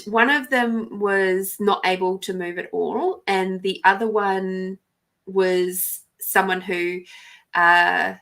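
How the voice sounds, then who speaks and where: A woman with an Australian accent, hosting a podcast and telling a personal story in a soft, reflective way, sometimes dropping to near whispers. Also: medium pitch, steady tone, slow. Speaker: podcast host. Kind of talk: casual storytelling.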